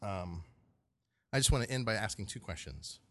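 A man's voice: on the low side, expressive, moderate pace. A male pastor preaching a sermon in a church in a conversational way, repeating phrases and putting questions to the congregation.

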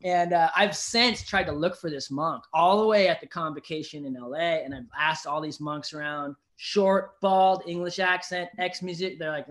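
A man telling a personal story in casual conversation as a podcast guest, animated, swearing freely and often asking "you know what I mean". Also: fairly high pitch.

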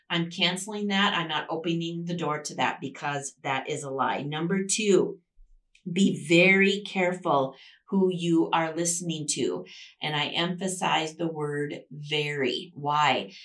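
A woman's voice: low voice, measured pace, fairly bright tone, far from the mic. A woman hosting a Christian devotional podcast, teaching emphatically and repeating key phrases for stress.

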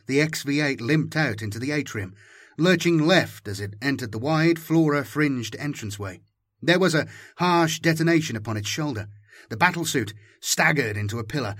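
A man's voice: on the high side, no room sound. A man doing dramatic scripted audiobook narration on a close mic. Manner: dramatic, animated storytelling.

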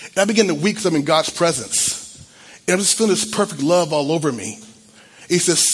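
A man's voice: a little high, animated, brisk, breathy edge. A man in his fifties, a church pastor, gives an earnest and emotional sermon, stumbling and restarting as he tells his own story.

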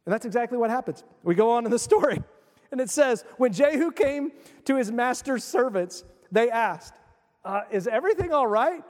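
A man preaching a sermon, retelling a Bible story with animated, casual acted-out voices. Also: extremely high pitch, normal speed, in a large hall. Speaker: pastor.

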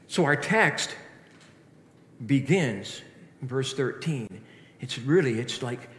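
A man's voice: medium pitch, animated, slow pace. A man preaching a sermon with earnest rhetorical questions and frequent restarts. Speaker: pastor. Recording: echoey hall reverb.

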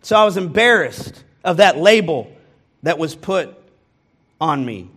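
Speaking unhurriedly with lively intonation, this pastor from the American Midwest has a slightly high, somewhat bright and husky voice. His candid sermon mixes personal stories with self-deprecating humor, addressed directly to his congregation.

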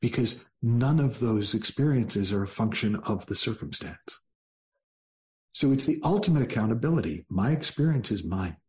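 A man speaking as a guest coach in an interview, calm and thoughtful with a gently wry turn. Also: mid-range voice, normal speed. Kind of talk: reflective interview talk.

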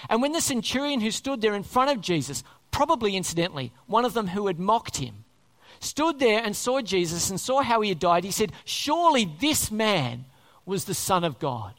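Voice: medium pitch, sing-song, a little fast. A preacher delivering a sermon, speaking emphatically, repeating key words and asking many rhetorical questions.

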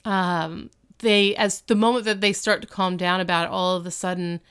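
A woman's voice: on the low side, level tone, normal speed, fairly bright tone, smooth. A woman in her thirties co-hosting a podcast, recapping a show in a chatty way with lots of fillers and restarts. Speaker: podcast co-host. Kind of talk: casual recap chat.

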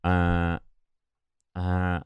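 A man's voice: deep voice, completely flat delivery, very slow, clean tone, no room sound, muffled recording. A man hosting a solo podcast, rambling and wry with constant swearing, sipping tea as he talks. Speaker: podcast host.

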